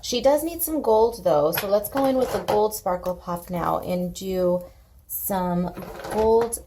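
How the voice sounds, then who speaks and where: A woman's voice: medium pitch, mellow, slight background noise. A woman casually chatting at home as she colors on camera, playful and chatty. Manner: chatty and playful, baby-talks to her pet. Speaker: coloring video creator. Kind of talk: casual chat while coloring. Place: home room.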